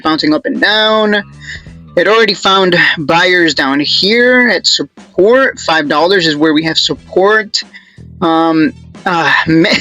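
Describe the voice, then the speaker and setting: A man's voice: high voice, pushed and bright, poor audio. A man hosting his own channel, giving casual stock chart commentary in a rambling, joking way with lots of restarts.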